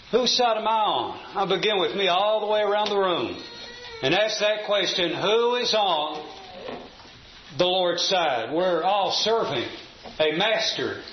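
Male preacher, emphatic sermon, higher voice, roomy dull church recording. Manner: emphatic, asks the congregation questions. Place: church room. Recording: roomy, dull, faint hum.

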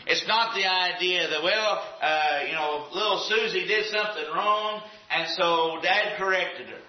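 A man's voice: high-pitched, measured pace. A man preaching a sermon with an emphatic, repetitive cadence. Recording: echoey, dull lo-fi room sound.

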